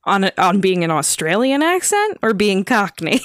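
A woman co-hosting a podcast, playful and teasing, quick to laugh in casual chat. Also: mid-range voice, sing-song, no echo, clean studio sound. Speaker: podcast co-host.

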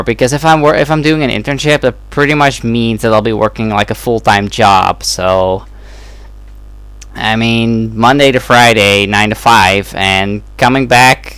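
A man's voice: fairly low pitch, fairly bright tone, clear, resonant tone, no echo. A young man from the Netherlands giving a casual, hesitant update to his channel, with many ums and restarts. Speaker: YouTube let's-play creator.

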